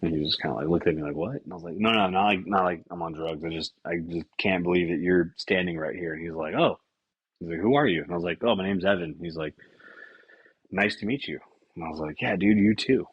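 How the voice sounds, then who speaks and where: A young man with a low, husky voice tells loose, profane stories packed with fillers as a podcast host. The recording is dry and a little dull. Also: fast talker, no echo. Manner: rambling, profane, many fillers. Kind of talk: casual storytelling.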